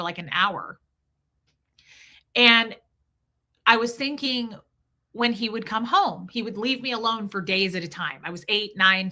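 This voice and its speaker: Woman, middle-aged, candid storytelling, bright tone, acts out voices. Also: fairly high pitch. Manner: open, confessional, acts out voices of people in her stories.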